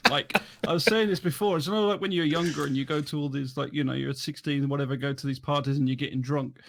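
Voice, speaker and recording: A man's voice: fairly high pitch, steady tone, fast, gravelly, a little hiss or hum. A man from the English countryside with an English accent, chatting casually on a podcast, swearing freely and quoting people in put-on voices. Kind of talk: casual chat.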